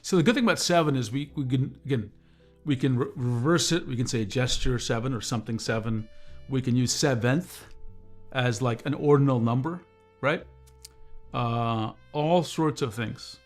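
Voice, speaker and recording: Calm, measured man chatting on a stream. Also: medium pitch, soft background music. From United States. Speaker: livestream host. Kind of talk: casual livestream chat, reading viewer comments.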